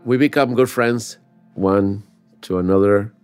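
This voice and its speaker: Older man, low voice, animated storyteller, music under him. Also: a little slow, smooth. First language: Spanish. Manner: animated, acts out quotes, says "you know". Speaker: interviewee. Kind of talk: storytelling interview.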